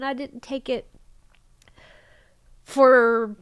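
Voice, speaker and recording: A middle-aged woman telling her own story as a podcast guest, halting and soft-spoken, often trailing off and restarting. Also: mid-range voice, no echo, studio quality. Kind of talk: candid personal storytelling.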